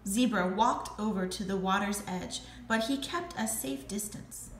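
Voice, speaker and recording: A woman teacher reading a storybook aloud to her class, slow and expressive. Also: mid-range voice. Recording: echoey room with faint noise.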